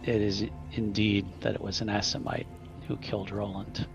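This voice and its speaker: A man voicing a stern male vampire prince who speaks in a measured, commanding way in a tabletop game. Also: on the low side, level tone, vocal fry, music in the background. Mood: judging. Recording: dull lo-fi recording.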